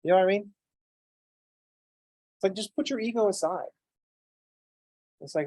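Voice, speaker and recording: Male math instructor, higher-pitched, dry close sound, chatty and self-deprecating. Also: moderate pace, long pauses, darkish tone, dry recording, rough recording. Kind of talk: lecture with digressive anecdotes.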